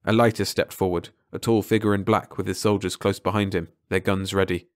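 A man narrating a short science fiction story aloud in a measured way, slowing on key phrases. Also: low voice, little pitch movement, no room sound, clean studio sound. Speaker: audiobook narrator.

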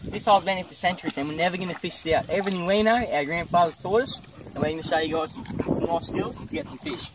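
A man's voice: high voice, quick pace, recorded from a distance, background noise. A young Australian man giving an easygoing outdoor tutorial by a creek, explaining things plainly. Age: young adult. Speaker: vlogger. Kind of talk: casual outdoor tutorial chat.

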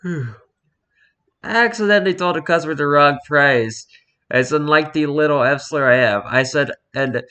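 Man, bright forceful tone, casual reader of online posts, quiet side comments. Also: fairly high pitch, unhurried. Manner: reads posts with quiet muttered asides. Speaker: host reading social media posts. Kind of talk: casual reading aloud.

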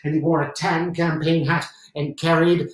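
An actor in a one-man show playing an intense, excitable British WWII general, performing a theatrical solo stage monologue and repeating phrases for emphasis. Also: a little high, normal speed, lightly acted. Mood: zealous. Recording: roomy sound from a distant mic.

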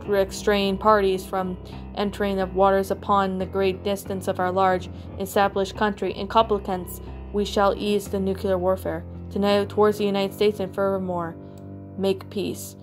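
Woman narrator with a halting, rambling read. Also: medium pitch. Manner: rambling, repetitive, halting reading with restarts. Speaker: creepypasta narrator and reviewer. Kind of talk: story reading, then casual review. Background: soft background music.

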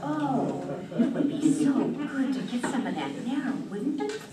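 A woman doing a sly male trickster god, voice lifting high and coaxing as he tempts. The sound carries a roomy echo from a mic set well back. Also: expressive, a little slow, over a noisy crowd. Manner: coaxing, wheedling. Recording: roomy distant hall mic.

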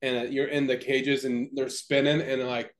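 A man's voice: mid-range voice, little pitch movement, moderate pace. Young male podcast co-host; loose, profane storyteller, heavy on fillers and restarts. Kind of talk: casual chat.

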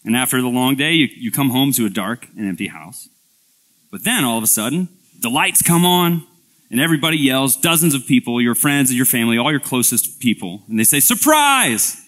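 In a church sanctuary, a male pastor tells a playful story during his sermon, speaking conversationally and often restarting and repeating words. His voice is medium in pitch, a bit bright and fairly quick.

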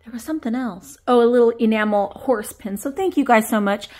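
Chatty high-voiced woman vlogger. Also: a little fast. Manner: chatty, easily excited, talks to viewers and objects. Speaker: antique reseller and shop owner. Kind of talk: casual unboxing vlog. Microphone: camera on a tripod.

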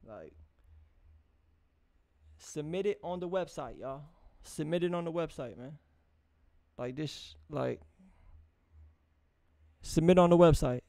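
This livestream music review host is a high-voiced man chatting casually with his viewers. The sound is studio quality with no echo, and his voice is a little mellow. His delivery wanders, with repetition, restarts, and long hums, while he encourages the audience in relaxed street slang.

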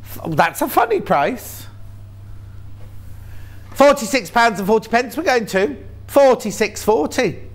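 A man's voice: very high voice, very animated, measured pace, pauses often. A man presenting on a shopping channel, chatting in a jokey, rambling way about fabrics and his cats. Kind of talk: casual chat. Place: TV studio.

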